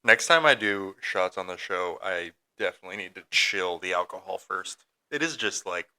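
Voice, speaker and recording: A man's voice: low voice, expressive, moderate pace, bright, forceful tone. A man co-hosting a casual podcast, reacting with short exclamations and jokes. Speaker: podcast co-host. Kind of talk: casual chat.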